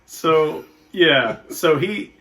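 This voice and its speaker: A young man co-hosting a movie review podcast, chatting casually in an animated, profane, mocking way. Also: on the high side, very slow. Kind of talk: casual chat.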